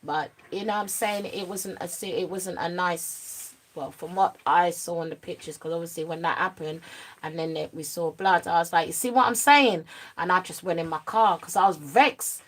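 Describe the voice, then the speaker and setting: Young woman doing a storytime to camera, lowish voice, lots of slang, gets hushed then fired up. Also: moderate pace. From United Kingdom. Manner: animated slang-heavy storytelling, drops to a low murmur at serious parts. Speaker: vlogger. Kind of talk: storytime monologue.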